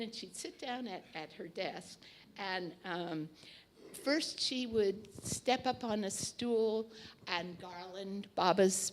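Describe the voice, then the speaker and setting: A woman telling a memory in a casual, chatty way, with fillers and restarts, acting out quoted lines. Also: on the low side. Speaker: storyteller recalling memories. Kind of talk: casual anecdotal storytelling.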